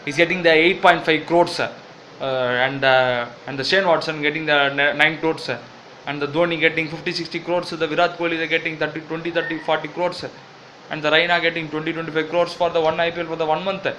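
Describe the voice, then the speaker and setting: A man with an Indian English accent playing a loud, pushy cricket mascot in a comic double-role sketch, rambling with many fillers. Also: a little high, flat delivery, brisk, a little hiss or hum, poor audio. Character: brash bossy cricket-league mascot named Jill.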